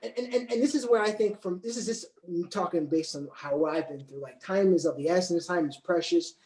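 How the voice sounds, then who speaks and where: Calm, deliberate man in an echoey room. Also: high voice. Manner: calm, deliberate, repeats words as he works out his point. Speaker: panel guest. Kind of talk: casual discussion.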